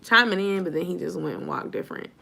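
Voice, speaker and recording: Bright-voiced sleepy woman vlogger. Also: fairly low pitch, fast talker, creaky. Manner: chatty, informal, addresses viewers as y'all. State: sleepy, yawning. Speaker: YouTube vlogger on a live stream. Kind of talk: casual live-stream chat.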